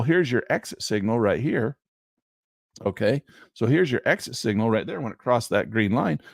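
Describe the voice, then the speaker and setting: A man's voice: medium pitch, vocal fry, dry recording, clean studio sound. A man teaching chart trading on a screen share, talking emphatically with rhetorical asides. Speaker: trading instructor.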